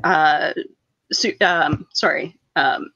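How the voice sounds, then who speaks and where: A woman's voice: deep voice, very slow, creaky, pushed and bright, breathy edge, dry recording, dull audio. A woman on a podcast chatting casually, hesitant, with many restarts and small laughs. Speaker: podcast co-host. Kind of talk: casual chat.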